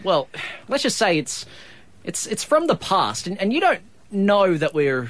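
A man's voice: sits high, sing-song, measured pace, fairly bright tone, dry recording. A man presenting breakfast radio in a studio, upbeat and teasing. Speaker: radio co-host.

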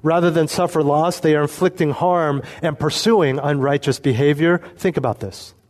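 A man preaching an expository sermon, earnest and emphatic, slowing down to stress key points. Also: fairly high pitch, a little mellow. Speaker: pastor.

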